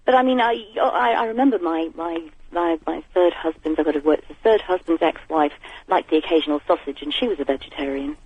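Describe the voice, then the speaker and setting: A woman's voice: low-pitched, brisk, husky, no echo. Rambling woman on a phone line. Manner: chatty, rambling, giggly. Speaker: caller. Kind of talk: radio phone-in chat. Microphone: telephone.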